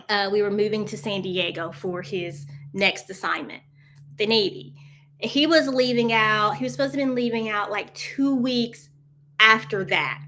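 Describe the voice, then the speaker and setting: In a pushed, bright voice on the high side, a woman hosts a casual live coffee chat. She rambles chattily across topics, laughs often, and speaks right to her viewers as y'all while answering their comments.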